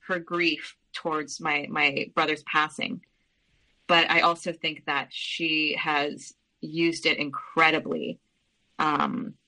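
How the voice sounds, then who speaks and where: Woman, podcast guest, bright clear voice, earnest and candid, halting restarts. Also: sits low, rough recording. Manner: candid and earnest, with frequent restarts and trailing fillers. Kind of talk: personal storytelling in conversation.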